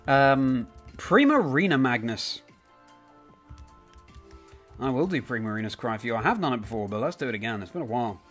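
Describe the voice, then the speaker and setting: A man's voice: mid-range voice, big pitch swings, moderate pace, pauses often, fairly bright tone. Young man, casual stream chat, rambling self-corrections, faint game music and typing behind.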